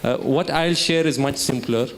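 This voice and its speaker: A man's voice: medium pitch, moderate pace, gravelly, over music. A man from India speaking as a keynote speaker at a student summit, telling a story and asking the audience questions. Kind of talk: motivational talk with storytelling. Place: lecture hall at a student summit.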